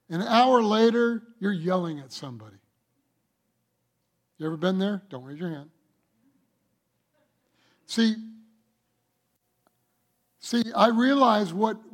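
Guy pastor preaching slow, high voice, keeps asking the crowd questions. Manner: emphatic preaching with rhetorical questions. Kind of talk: sermon.

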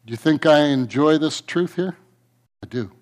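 A man's voice: fairly high pitch, moderate pace, darkish tone. A man preaching a sermon to his church, fervent and repetitive, breaking into a story. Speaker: pastor.

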